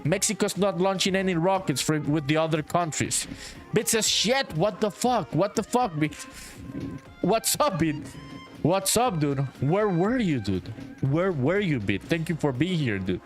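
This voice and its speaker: A fairly high-voiced man from Honduras talks loosely and swears a lot while he streams his game development. He reads viewers' messages out loud and answers them offhand. Soft music plays faintly in the background. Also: animated, unhurried. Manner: laid-back, profane, reads chat aloud and answers it. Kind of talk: casual live-stream chat. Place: home in a small town.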